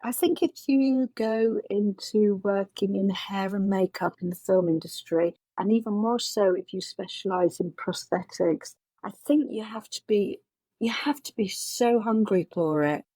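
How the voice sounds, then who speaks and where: A woman's voice: mid-range voice, a little slow, warm tone, no room sound. A middle-aged woman, a makeup designer, answering interview questions with earnest storytelling and frequent restarts.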